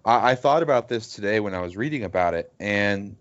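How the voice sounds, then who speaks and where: A man's voice: lowish voice, lively intonation, a little fast, lo-fi sound. A man co-hosting a casual sports podcast, talking in a rambling, hesitant way with many fillers. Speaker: podcast co-host.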